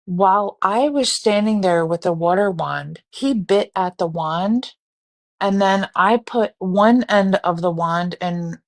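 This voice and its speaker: Woman, gravelly voice, low-pitched, casual storytelling, swearing, animated. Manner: animated, profane, breaks into screaming reenactments. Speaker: live stream host.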